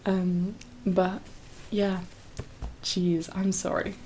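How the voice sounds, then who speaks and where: Brief: young woman, soft-spoken ASMR chat, breathy half-whispers, teary and rambling, faint background hum. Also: lowish voice, little pitch movement, extremely slow, low-quality recording. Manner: rambling, full of fillers and laughs. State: teary, emotional. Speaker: ASMR creator.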